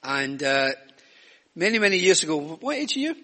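A man's voice: sits high, sing-song, moderate pace, bright, forceful tone. An older Scottish man giving a chatty, self-mocking children's talk during a church service. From Scotland. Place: church hall. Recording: reverberant church hall.

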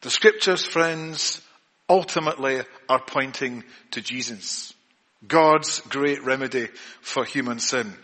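Earnest preacher in a reverberant church. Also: male voice, mid-range voice, slow pace, bright, forceful tone. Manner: earnest, repeats words and restarts often. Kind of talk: evening church sermon. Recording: long reverb of a church hall.

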